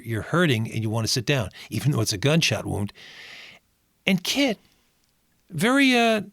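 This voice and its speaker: A man's voice: medium pitch, a bit bright, no room sound, clean studio sound. A man co-hosting a podcast, retelling film scenes in casual chat and acting out the characters' lines. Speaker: podcast co-host.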